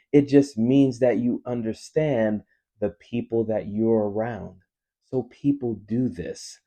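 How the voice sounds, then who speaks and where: A man's voice: medium pitch, mellow. A man in his fifties from Louisiana, a coach and teacher giving earnest, emphatic opinion commentary straight to his viewers. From New Orleans, Louisiana. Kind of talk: casual opinion commentary to camera.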